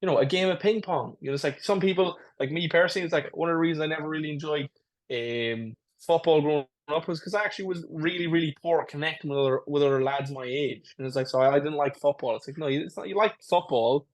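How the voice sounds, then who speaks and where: A man's voice: fairly high pitch, fast talker. A man co-hosting a podcast, talking earnestly, often saying "it's like, listen". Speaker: podcast co-host. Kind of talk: casual chat.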